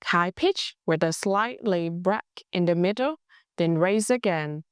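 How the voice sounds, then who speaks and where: Young vietnamese-accented woman teaching, very slow and careful, smooth voice. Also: lowish voice, no echo, clean studio sound. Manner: slow, careful, exaggerated tone demonstrations. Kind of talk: language lesson.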